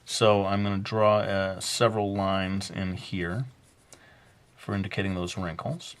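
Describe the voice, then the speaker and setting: A man's voice: low-pitched, fairly even intonation, a little slow. A man narrating a casual drawing tutorial in a jokingly put-on Brooklyn accent, rambling and self-mocking as he draws. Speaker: drawing instructor.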